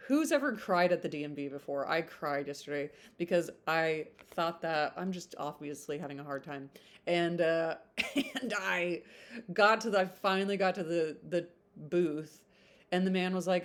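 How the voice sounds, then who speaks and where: A woman's voice: lowish voice, moderate pace. A woman reading a classic novel aloud, often breaking off to chat and laugh about it. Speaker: book reader.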